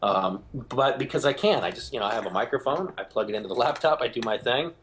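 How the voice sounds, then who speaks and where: A man being interviewed as a guest, telling stories in an animated way and acting out the voices of people he quotes. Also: medium pitch, fast, a little hiss or hum. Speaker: guest, game show host. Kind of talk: phone interview, storytelling.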